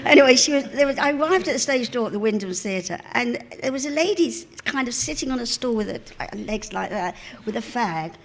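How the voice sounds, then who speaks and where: A woman's voice: on the high side, lively intonation, fairly quick, hardly any pauses. An older woman in her seventies with a broad London Cockney accent, chatting away on stage as a guest. She tells her stories in a rambling, self-mocking and bawdy way. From East End of London. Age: 70s. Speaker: guest interviewee. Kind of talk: anecdotal storytelling on stage. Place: cinema venue before a live audience.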